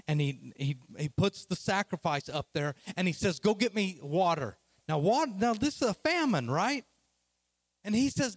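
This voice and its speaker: A man preaching a sermon as a lively, casual, slangy retelling of a story. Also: high-pitched, no echo.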